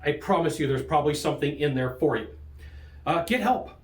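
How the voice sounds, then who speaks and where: A man hosting a sales training show, coaching in an energetic, joking way and laughing often. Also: a little fast. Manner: lively, jokey, laughs often, big pitch jumps. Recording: roomy echo.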